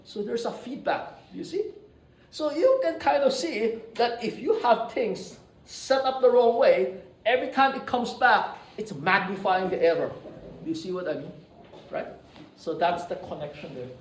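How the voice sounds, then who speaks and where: Male lecturer with a high, lively voice, keeps asking the class "right?", heard from a distance in an echoey room. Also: unhurried. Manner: animated, keeps checking in with "right?" and "you see?". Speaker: university lecturer.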